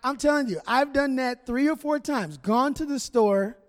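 A man's voice: very high voice, moderate pace. A man preaching a humorous sermon as pastor, joking and chatting directly with his congregation. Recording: long reverb of a large hall.

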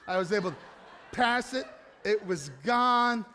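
A man preaching to an audience, telling a self-mocking personal story in an animated way with asides to the crowd. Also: sits high, a little slow, a little hiss or hum. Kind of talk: storytelling sermon. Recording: hall reverb.

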